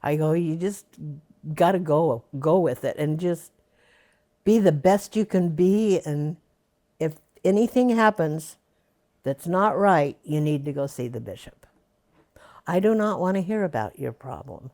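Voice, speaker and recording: An older woman with a low, gravelly and mellow voice recalls her past in a rambling, unhurried way. She fills her pauses with "um" and "uh" and drifts between stories as she talks. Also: lively intonation. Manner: rambling, reminiscing, with fillers and laughs. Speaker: interviewee. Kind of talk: oral history interview.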